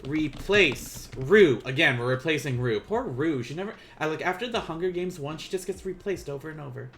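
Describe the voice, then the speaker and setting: A man teaching a casual live-streamed Japanese lesson, joking with viewers and slowing down to pronounce each word. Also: fairly high pitch, animated, a bit bright. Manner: playful, laughs and teases chat viewers; slows down to pronounce Japanese words.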